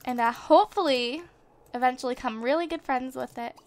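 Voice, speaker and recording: A young woman giving chatty, excitable let's play commentary as a gaming channel host on a desktop microphone at home. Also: high voice, a little fast. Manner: chatty and excitable, gasping at surprises. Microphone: desktop USB microphone.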